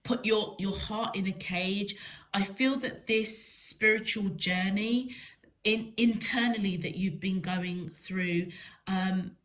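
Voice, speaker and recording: A woman giving a spiritual tarot reading, slow and emphatic, repeating words for stress. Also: mid-range voice, steady tone, fairly bright tone. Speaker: tarot reader.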